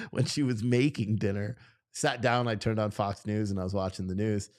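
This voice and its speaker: A man's voice: on the low side, takes it slowly, darkish tone. A man hosting a casual livestream, ranting at chat comments with heavy swearing and laughing at himself. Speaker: livestream host reading chat. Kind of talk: casual unscripted livestream talk.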